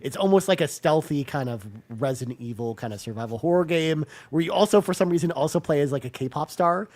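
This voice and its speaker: A man co-hosting a gaming podcast who talks fast in a slightly high voice. He stumbles and restarts as he chats. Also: lively intonation, a little mellow. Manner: quick, hesitant, restarts often. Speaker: podcast co-host. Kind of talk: casual chat.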